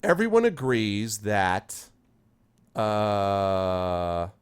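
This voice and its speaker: A man's voice: fairly low pitch, lively intonation, very slow, clear, resonant tone. A man streaming a game, chatting casually with viewers by name in a rambling way while he plays. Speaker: streamer reading chat while playing. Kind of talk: casual live-stream chat.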